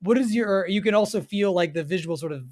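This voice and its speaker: A game master narrating a tabletop fantasy game in a measured, descriptive way, with frequent pauses. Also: mid-range voice, a little mellow. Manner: descriptive, measured, pausing often.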